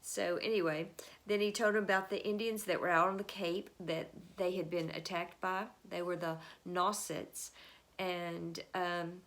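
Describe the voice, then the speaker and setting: A woman giving a casual spoken history lesson, telling it as a chatty story full of fillers and quick bits where she voices the people in it. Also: on the low side, steady tone, a bit bright. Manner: acts out the historical figures with quick changes of voice.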